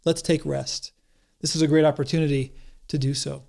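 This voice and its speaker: A man's voice: a little high, level tone, moderate pace, gravelly, darkish tone. A man preaching a sermon in an earnest, encouraging way, often restarting his phrases. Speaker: pastor.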